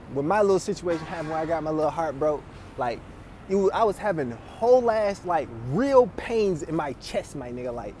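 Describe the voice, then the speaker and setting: A man's voice: fairly high pitch, darkish tone, a little hiss or hum. A man telling stories in casual, profane chat, laughing often. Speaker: podcast host.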